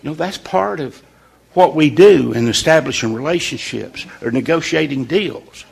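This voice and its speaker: Gravelly man giving a folksy devotional. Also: fairly high pitch, lively intonation. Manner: folksy and conversational, with deliberate pauses. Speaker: devotional leader. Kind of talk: informal morning devotional talk.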